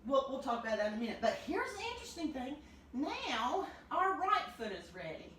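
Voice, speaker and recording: Upbeat woman dance teacher, slow and lilting, high-ish voice, echoey room, away from the mic. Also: big pitch swings, a bit bright, recorded from a distance. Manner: upbeat, counts beats aloud while stomping. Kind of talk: demonstrating a dance lesson. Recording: roomy, from off the mic, noisy.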